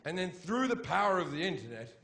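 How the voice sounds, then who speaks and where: A man doing a live stand-up routine on a comedy stage, crude and provocative, swearing constantly and working up into mocking shouted rants. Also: high voice, big pitch swings, a little fast, background noise.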